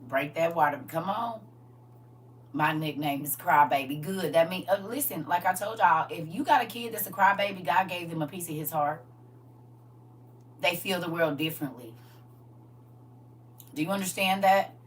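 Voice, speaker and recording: A woman's voice: fairly low pitch, moderate pace, pauses often. Folksy woman preaching to a livestream. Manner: folksy, emphatic, repeats "listen" and "y'all". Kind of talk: live-stream preaching, reading comments. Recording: slightly distant mic with faint hum.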